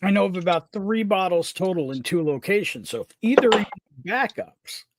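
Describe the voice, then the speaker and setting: Matter-of-fact man with a higher voice. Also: animated, normal speed, very noisy. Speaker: stream guest. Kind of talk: casual chat over whiskey tasting. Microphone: video call.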